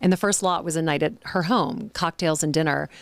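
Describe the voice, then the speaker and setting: A woman in her forties, a charity auctioneer, telling lively, self-deprecating stories in a podcast interview. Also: low-pitched, brisk, vocal fry, no room sound.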